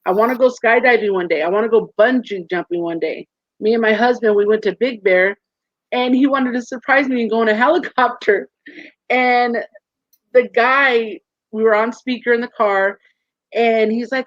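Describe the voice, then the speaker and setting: A woman in her forties, a guest in a casual interview, telling stories with lively acted-out quotes over a video call. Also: on the high side, moderate pace, no echo. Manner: animated storyteller, acts out quoted voices. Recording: muffled dry call audio.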